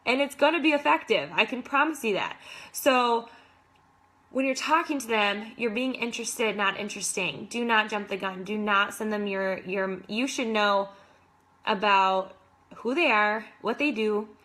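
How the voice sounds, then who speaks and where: A woman's voice: medium pitch, normal speed, sharp tone. A young adult woman, a fitness coach, giving enthusiastic, casual motivational advice to other coaches with lots of "like".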